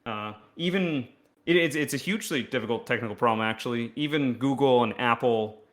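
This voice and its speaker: A man's voice: medium pitch, brisk, a bit bright. A man, an indie game developer, explaining his work in a casual podcast interview, self-deprecating.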